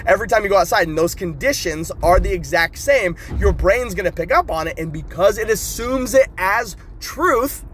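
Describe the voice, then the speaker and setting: A man's voice: high voice, a bit bright, slight background noise. A male coach hosting a motivational talk, explaining ideas and acting out little quoted scenes. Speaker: coach and podcast host.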